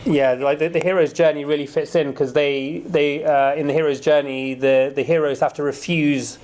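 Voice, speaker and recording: A man's voice: a little high, steady tone, moderate pace, a little mellow. A man, a film director, speaking in a casual radio studio interview and telling his story in a chatty, anecdotal way.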